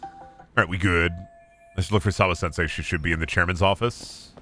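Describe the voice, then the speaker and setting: A man streaming a video game, giving casual, animated commentary full of jokes and swearing. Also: low-pitched, normal speed, soft background music. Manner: animated, profane, joking.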